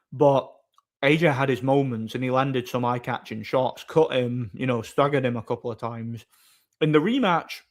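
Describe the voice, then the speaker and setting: Streamer, middle-pitched voice, loose rambling chat replies. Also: male voice. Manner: rambling, answers chat comments aloud. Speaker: live streamer. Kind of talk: casual live-stream chat.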